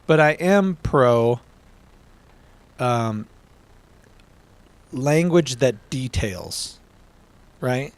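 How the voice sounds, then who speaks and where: Profane, animated man ranting on a podcast. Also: medium pitch, very slow, long pauses. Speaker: podcast co-host. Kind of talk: heated casual podcast debate.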